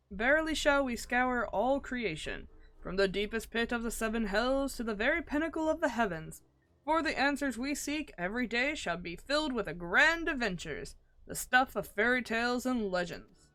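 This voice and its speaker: A woman voicing a pompous, theatrical gentleman inspector who makes grandiose proclamations while reading game dialogue aloud. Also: on the high side, lively intonation, moderate pace, no echo. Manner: grandiloquent, old-fashioned proclamations.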